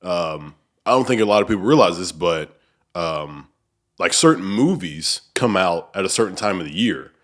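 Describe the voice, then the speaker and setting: A man's voice: deep voice, expressive, normal speed, a bit bright. A man hosting a podcast in casual conversation, rambling with many fillers in a small room where voices bounce off the walls. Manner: rambling, filler-heavy, searching for words. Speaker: podcast host.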